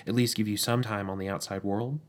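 A man voicing a male demon who talks in halting, hesitant phrases in a low voice. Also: steady tone, natural voice. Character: male demon, scheming yet tender.

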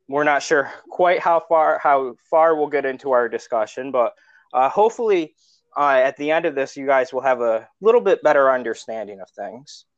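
Easygoing pastor on a dry, dull recording. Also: male voice, medium pitch, no echo. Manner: easygoing and measured, with frequent ums and uhs. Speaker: pastor, podcast host. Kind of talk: podcast Bible discussion and scripture reading.

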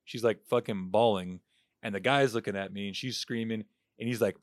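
A man's voice: lowish voice, a little fast, no room sound, clean studio sound. Profane young man telling a wild story. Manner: profane, animated storyteller acting out quotes. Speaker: podcast co-host. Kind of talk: casual storytelling chat.

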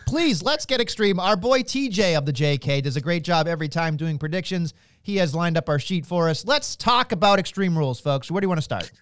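A man co-hosting a casual chat, his voice pitched a bit high and swinging widely as he jokes and gripes. His delivery is sarcastic and full of swearing. The sound is dry and close. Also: fairly quick, clear, resonant tone, dry recording. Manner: animated, profane, sarcastic banter. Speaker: podcast co-host.

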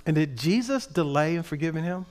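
A man preaching a sermon in an animated, conversational way with playful asides. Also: a little high, brisk. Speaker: pastor.

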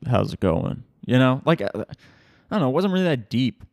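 Young guy ranting on his podcast at home, swears a lot, laughs at himself, mid-pitched, super dry sound. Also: fast, dry recording. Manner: swearing, laughing, animated rambling. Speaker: podcast host. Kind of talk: casual solo podcast rant. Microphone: podcast microphone.

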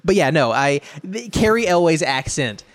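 A man's voice: a little high, very animated, normal speed. A man hosting a movie podcast in casual discussion, laughing often and swearing freely.

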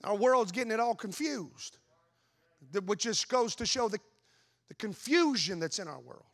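Pastor guy preaching, really high voice, tells a story and keeps asking the crowd questions. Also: normal speed. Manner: animated storytelling with voiced asides; rhetorical questions to the congregation. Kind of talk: sermon.

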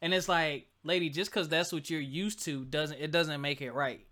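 A man's voice: a little high, fairly even intonation, moderate pace, pushed and bright. A man in his thirties co-hosting a casual podcast, telling stories wryly and often laughing along. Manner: wry, laughing storyteller. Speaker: podcast co-host. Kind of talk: casual chat.

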